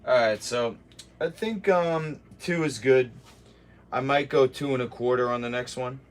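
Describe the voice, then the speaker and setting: A man's voice: medium pitch, measured pace. A man streaming live from a home kitchen, talking back to his chat with brash, combative trash talk as a martial arts fighter.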